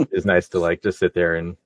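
Laid-back man with a very deep voice. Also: no echo. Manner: laid-back, laughs while telling a story. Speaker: podcast co-host. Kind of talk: casual storytelling chat.

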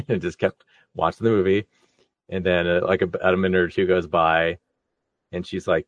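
A man's voice: low voice, level tone, moderate pace, long pauses, no echo, dull audio. A man telling a story in a casual podcast chat, laid-back and laughing as he goes. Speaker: podcast co-host.

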